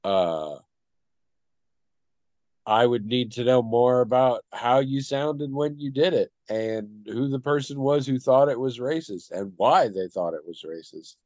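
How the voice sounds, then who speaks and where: Male podcast co-host, reflective and unhurried, dry recording. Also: mid-range voice, a little mellow, dry recording, muffled recording. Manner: thoughtful, hesitant, trails off. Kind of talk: casual discussion.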